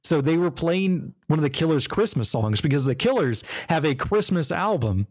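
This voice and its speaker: A man's voice: on the high side, sing-song, moderate pace, darkish tone, husky. A man co-hosting a podcast in casual chat, loose and rambling, with plenty of fillers and tangents. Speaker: podcast co-host.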